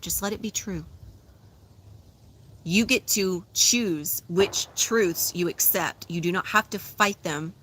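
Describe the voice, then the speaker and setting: A woman leading a guided meditation, giving slow, soothing, repetitive instructions and affirmations. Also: fairly low pitch, fairly bright tone, slight background noise. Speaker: spiritual guide.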